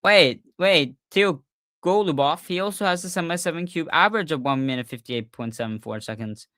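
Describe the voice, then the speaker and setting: A man hosting a casual livestreamed podcast, talking excitedly and often restarting his sentences with fillers. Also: a little high, quick pace, dry recording, clean studio sound. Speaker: podcast host.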